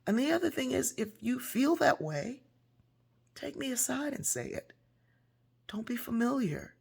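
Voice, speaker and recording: Woman, casual storytelling, gravelly, husky, soft near-whispers at times. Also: sits high, big pitch swings, unhurried. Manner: warm, conversational, drops to soft near-whispers. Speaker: speaker and author.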